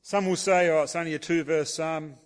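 A New man gives a sermon in a storytelling way, often restarting and saying "sort of". His voice sits a little high for a man. The sound carries a long hall reverb. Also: fairly even intonation, a little fast. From New Zealand. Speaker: preacher.

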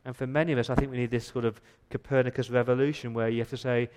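A pastor giving an emphatic church sermon, full of rhetorical questions and quick stumbling repeats. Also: male voice, mid-range voice, little pitch movement, darkish tone, slight background noise.

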